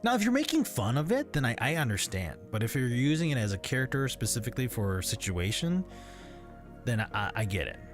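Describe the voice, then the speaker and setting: A man's voice: mid-range voice, very animated, fairly quick, music in the background. A man hosting a livestream in casual chat, rambling and hesitant with frequent restarts. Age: adult parent. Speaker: livestream host.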